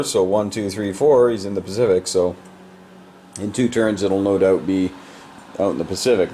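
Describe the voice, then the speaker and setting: A man's voice: lowish voice, darkish tone, slight background noise. A man casually walking through the state of a board game, explaining moves in a loose, rambling way with many fillers.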